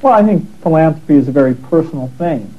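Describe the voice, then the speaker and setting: Male interviewee, somewhat high voice, hesitant and measured, thin phone-like audio. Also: expressive. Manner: measured, with frequent uh fillers. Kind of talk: recorded interview clip. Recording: tinny phone-like broadcast audio.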